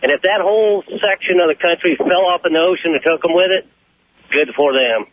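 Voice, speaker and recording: A man's voice: sits high, brisk, slight background noise. A man from Oregon, a former long-haul trucker, calling into a radio show with a blunt, indignant rant. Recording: tinny phone line.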